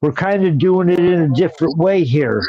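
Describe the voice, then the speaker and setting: A man with a fairly high voice co-hosting a podcast, breaking in over the others and apologizing as he goes. His audio sounds dull and muffled. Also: moderate pace. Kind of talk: casual podcast chat.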